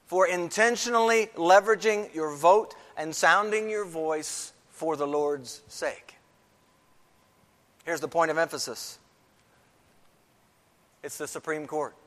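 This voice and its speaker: A man's voice: high-pitched, takes it slowly, fairly bright tone. Man preaching in a reverberant hall. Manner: emphatic preaching with repeated phrases. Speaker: pastor. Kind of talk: sermon. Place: church sanctuary. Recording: long reverb of a large hall.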